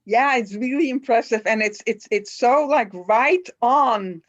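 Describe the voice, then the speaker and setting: A woman audience member on a video call, asking an author questions eagerly and haltingly. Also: a little high. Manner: enthusiastic, halting, with many restarts. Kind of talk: conversational Q&A. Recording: dull, muffled video-call audio.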